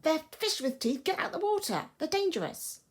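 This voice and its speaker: A woman's voice: high-pitched, sing-song, normal speed, voice pushed up. A woman voicing a panicky, shocked young girl who exclaims emphatically and repeats herself. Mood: panicked.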